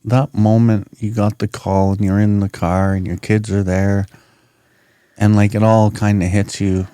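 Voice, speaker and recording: Male host, low smooth monotone, gentle probing questions, dry mic. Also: measured pace, no room sound. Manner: gently probing, asks short follow-ups. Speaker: podcast host. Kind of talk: interview questions.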